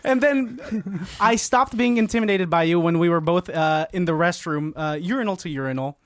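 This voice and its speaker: A man's voice: high voice, dry recording. A man hosting a podcast in a studio, joking and teasing his guests in casual chat. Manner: joking, teasing, quick banter. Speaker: podcast host.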